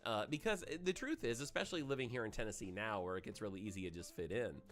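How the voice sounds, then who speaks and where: Host: man from Maine in his forties, rambly gaming streamer, lively pitch, faint music under. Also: fast talker. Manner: rambling, chatty, storytelling, former FM radio voice. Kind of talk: casual livestream chat.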